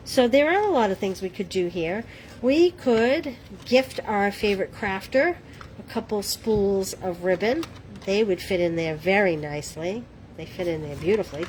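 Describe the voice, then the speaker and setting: A woman's voice: medium pitch, a little hiss or hum, low-quality recording. A middle-aged woman with a Boston accent hosting a live crafting demo, chatting to viewers in a self-deprecating way. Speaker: craft livestream host.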